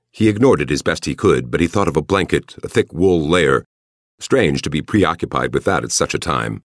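Very deep-voiced male audiobook narrator. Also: no echo, clean studio sound. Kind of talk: scripted narration.

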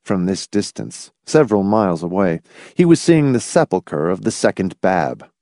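A man reading fiction aloud as an audiobook narrator, with a low voice that swings widely in pitch. His storytelling is expressive and dramatic. The recording is dry and close, with no room sound. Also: normal speed, no room sound. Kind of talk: scripted narration.

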